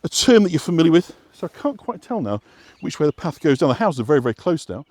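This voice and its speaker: A man from West Yorkshire talks casually while walking outdoors along a path. His voice sits a little high and swings up and down a lot, and he rambles with many fillers and restarts. The sound is dry and close. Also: sing-song, fast, a little mellow, dry recording. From West Yorkshire, England. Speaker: walking guide and vlog host.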